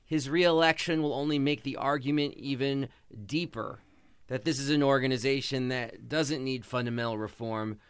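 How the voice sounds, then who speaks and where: A man's voice: medium pitch, fairly even intonation, moderate pace, smooth, dry recording. A man hosting a podcast, giving passionate, sarcastic sports commentary. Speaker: podcast host.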